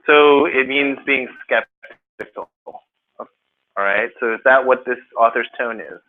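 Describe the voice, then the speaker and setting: A man's voice: mid-range voice, takes it slowly. A man tutoring a small class, asking questions and acting out word meanings. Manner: animated, questions students, acts out examples. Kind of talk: classroom teaching. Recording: phone-like narrow audio.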